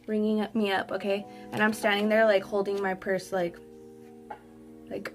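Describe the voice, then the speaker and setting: A young woman vlogger telling a sassy, animated storytime while doing her makeup. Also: medium pitch, moderate pace, faint music behind. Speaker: beauty vlogger. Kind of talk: get-ready-with-me storytime.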